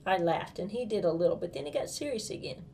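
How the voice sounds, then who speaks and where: A woman's voice: on the low side, expressive, fast, gravelly, darkish tone, a little hiss or hum. A woman reading a first-person storybook as a young girl, in a bubbly, gushing manner full of childlike enthusiasm.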